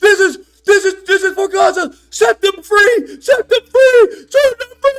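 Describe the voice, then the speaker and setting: A man voicing a frantic young male protester who shrieks a slogan in a high, strained voice. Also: measured pace, a bit bright, full character voice.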